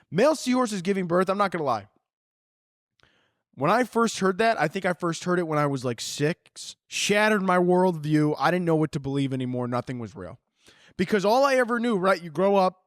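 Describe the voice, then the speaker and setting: Profane, ranting young man, fairly high voice. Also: dry recording, clean studio sound. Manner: profane, animated ranting with sudden shouts and laughs. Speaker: podcast host. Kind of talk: solo comedic ranting.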